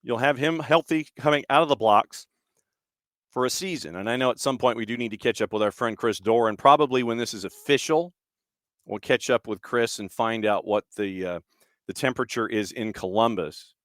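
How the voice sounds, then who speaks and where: A man hosts a soccer talk show in a casual, opinionated way. He keeps throwing out rhetorical questions. His voice is smooth and resonant, with a dry, close sound and no room echo. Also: mid-range voice, moderate pace, a bit bright. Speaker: soccer podcast host. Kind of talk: casual solo commentary.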